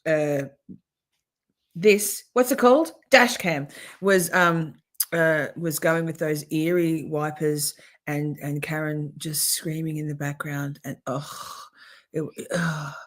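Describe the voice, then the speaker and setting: A woman's voice: low voice, fairly even intonation, takes it slowly. A woman, hosting a casual livestream and chatting loosely as she reacts to trial footage. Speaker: livestream host. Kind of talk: casual live commentary.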